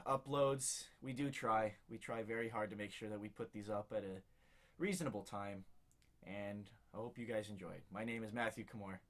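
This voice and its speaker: Telling stories full of laughter, a young podcast co-host keeps the casual chat animated. His voice is lowish and his speed normal.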